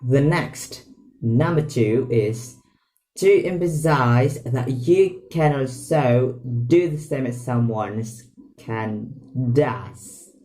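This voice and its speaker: A man with an Indonesian accent, a native Indonesian speaker, giving a casual language lesson in slow, halting explanations with example phrases. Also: mid-range voice, dark tone. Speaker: language teacher.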